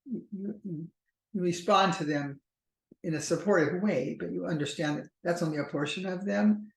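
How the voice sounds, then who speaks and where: A woman therapist talking to the camera in a slow, careful way, often pausing and restarting her sentences. Her voice carries the ring of a bare, echoey room. She sounds reflective and explanatory. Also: fairly low pitch, vocal fry, a little hiss or hum. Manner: measured and thoughtful, slow stretches with frequent restarts and fillers. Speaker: relationship therapist.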